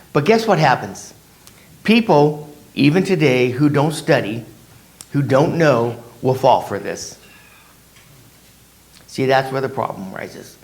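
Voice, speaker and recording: A man leading a casual Bible study, who asks his class rhetorical questions and acts out the people in the story in his own words. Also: a little high.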